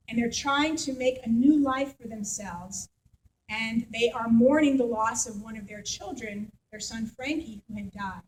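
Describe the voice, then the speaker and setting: A woman pastor giving a sermon in a church, telling stories in a lively, conversational way with the congregation. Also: sits high, low-quality recording. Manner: animated storytelling, conversational with congregation.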